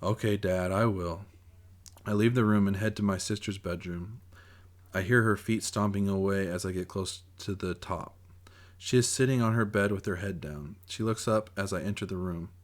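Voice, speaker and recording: A man's voice: lowish voice, moderate pace. A man reading his own novel aloud in first-person audiobook narration, in an earnest, plain way.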